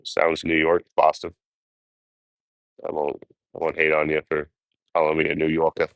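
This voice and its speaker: A man's voice: extremely low pitch, monotone, moderate pace, gravelly, no echo. A man chatting casually with his livestream viewers, rambling and swearing as he talks about life on the road. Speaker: livestreaming traveler.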